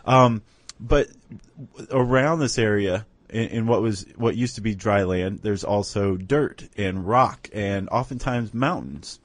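A man's voice: fairly low pitch, slow pace, dry recording. A man co-hosting a podcast, explaining step by step in casual chat and often checking in with "right?". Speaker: podcast co-host.

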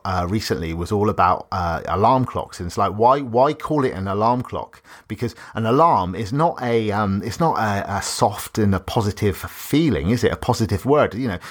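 A man's voice: on the low side, lively intonation, moderate pace, few pauses. A man hosting a solo podcast, upbeat and rambling, laughing often between his thoughts. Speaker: podcast host.

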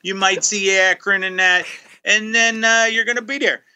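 A man's voice: high voice, fairly even intonation, normal speed, sharp tone, clear, resonant tone. A man putting on a folksy Pittsburgh yinzer character with an exaggerated drawl, giving betting picks on a sports show. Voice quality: exaggerated regional drawl with a growl on some words.

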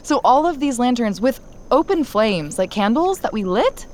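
A woman hosting a podcast, telling a personal story in a candid, animated way and laughing now and then. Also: a little high, normal speed. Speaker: podcast host. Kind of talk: casual storytelling chat.

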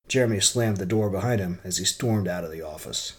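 Low-voiced man reading a story aloud. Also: fairly quick, few pauses. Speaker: audiobook narrator.

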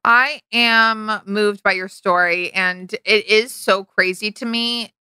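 A woman's voice: mid-range voice, steady tone, slow pace, pushed and bright, clean tone, no echo. A young woman co-hosting a casual chat podcast, reacting with dry, sarcastic remarks. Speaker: podcast co-host.

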